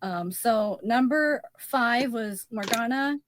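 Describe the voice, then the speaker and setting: A woman's voice: a little high, takes it slowly, noisy background. A woman guest on a music podcast, speaking in casual chat, hesitant and full of ums, often laughing.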